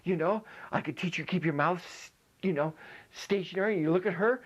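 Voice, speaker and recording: A man's voice: high-pitched, brisk. Jokey lecturing man, dull lo-fi sound. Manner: jokey, demonstrates ventriloquism with food in mouth. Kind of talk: playful comic lecture.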